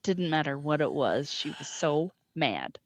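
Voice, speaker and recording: Young woman co-host, casual and self-mocking, slightly low voice, dull dry recording. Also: very animated, unhurried, dry recording. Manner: rambling, self-deprecating, laughs often. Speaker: podcast co-host. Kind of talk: casual chat. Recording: dull lo-fi sound.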